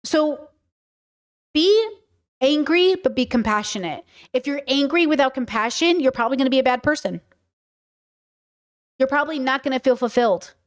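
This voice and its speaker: Woman podcast host, pretty high voice, casual frank talk, keeps asking "okay?". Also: moderate pace, pauses often. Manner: chatty, frank, checks in with listeners. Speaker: podcast host answering chat.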